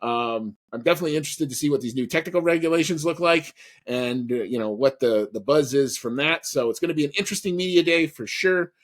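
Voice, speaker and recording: A man's voice: fairly high pitch, fast. A man co-hosting a podcast in casual chat, rambling with lots of fillers and restarts. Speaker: podcast co-host.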